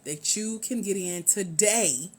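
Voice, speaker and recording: A woman's voice: medium pitch, slight background noise. A woman hosting a casual livestream about grants, talking chattily and greeting viewers by name. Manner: lively, chatty, drawn-out repetition, calls out viewers by name. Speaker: livestream host, grants mentor.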